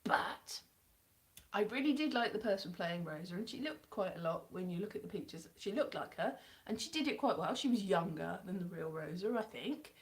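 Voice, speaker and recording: Lively chatty woman. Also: on the low side, normal speed. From South Wales. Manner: rambling, self-deprecating, chatty. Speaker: live-stream host. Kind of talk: casual live-stream chat.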